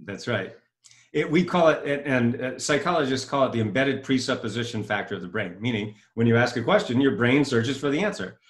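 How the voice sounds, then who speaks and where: A man speaks as a self-help coach being interviewed, enthusiastic and self-promoting. His voice sits at an ordinary middle pitch, and he circles back over his own phrases while explaining. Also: lively intonation, fairly quick.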